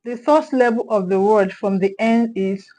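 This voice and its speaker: A woman's voice: medium pitch, normal speed, warm tone, low-quality recording. Woman tutoring exam English. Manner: repeats key words and checks in with "okay?". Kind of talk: exam prep lesson.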